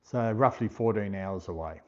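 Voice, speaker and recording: An Australian man hosting a casual livestream, chatting unhurriedly, reading out viewer comments and thanking each viewer by name. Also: fairly low pitch. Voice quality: unhurried, slower speaking. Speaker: livestream host. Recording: dull lo-fi stream audio.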